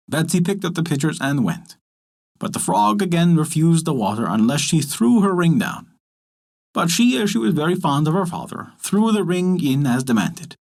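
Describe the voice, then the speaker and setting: A man telling a folk tale as a podcast storyteller, in gentle, expressive scripted narration. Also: a little high, gravelly.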